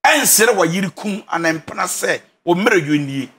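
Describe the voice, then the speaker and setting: A man's voice: high-pitched, expressive, moderate pace, fairly bright tone. A man with a Ghanaian accent, a relationship counselor who gives advice in an emphatic, preacher-like way and repeats his key phrases. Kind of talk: animated counseling talk.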